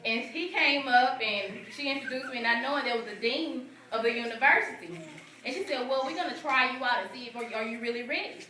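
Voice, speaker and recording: A woman's voice: high-pitched, fairly quick, bright, forceful tone, a little hiss or hum. A woman giving a testimony from the pulpit, telling her story and acting out both sides of the conversation. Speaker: guest speaker. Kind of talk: testimony to a church congregation. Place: church sanctuary with congregation responding. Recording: roomy, distant church recording with crowd. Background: congregation calling out responses.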